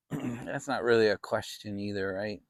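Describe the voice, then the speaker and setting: A man's voice: lowish voice, measured pace, no echo, studio quality. Rambling man hosting a fireside chat. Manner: rambling and reflective, with many restarts. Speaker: channel host. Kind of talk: casual fireside chat vlog.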